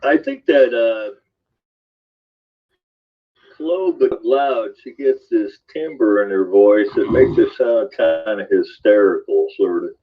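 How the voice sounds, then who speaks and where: A man in an offhand political chat, halting and filling gaps with ums and uhs, cursing freely. His voice sits somewhat low. The recording is dull and lo-fi. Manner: halting, full of ums and uhs, swears casually. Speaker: podcast co-host. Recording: dull lo-fi sound.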